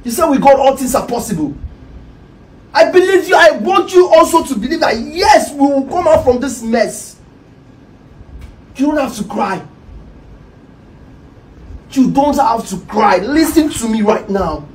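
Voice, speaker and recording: A woman's voice: high-pitched, animated, measured pace, pauses often, a little mellow, low-quality recording. A Nigerian woman acting a devout spouse who kneels and pleads in prayer, repeating phrases in a preachy way. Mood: pleading. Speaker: actor in a comedy skit.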